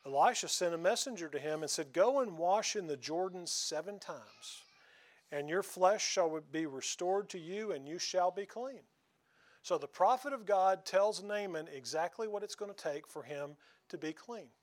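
A man's voice: high voice, measured pace. A man preaching a sermon in a folksy, conversational way, often asking the congregation questions.

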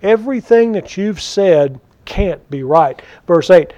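A man teaching a conversational Bible study, animated and full of questions to his listeners. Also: high-pitched, slow pace. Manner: animated, rhetorical questions to the audience. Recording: dull lo-fi recording.

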